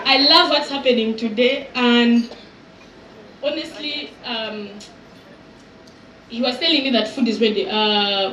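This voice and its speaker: A woman in her thirties doing live stand-up crowd work as event host, teasing and exaggerating in an animated way. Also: fairly high pitch, unhurried, long pauses, a little hiss or hum. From Uganda. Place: outdoor resort event with audience. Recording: echoey venue sound from far off.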